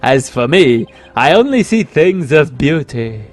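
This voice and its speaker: A man's voice: fairly high pitch, big pitch swings, unhurried, faint music behind. A man voicing a vain, flamboyant male dandy in a video game, speaking pompously and theatrically. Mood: haughty. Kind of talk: reading game dialogue aloud.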